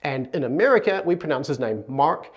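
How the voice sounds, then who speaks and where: A man's voice: a little high, lively intonation, normal speed, darkish tone. A man from New Zealand with a New Zealand accent, explaining Greek pronunciation in a conversational video lesson, correcting himself as he goes. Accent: New Zealand English. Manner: earnest, conversational, restarts and self-corrections. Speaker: Greek teacher.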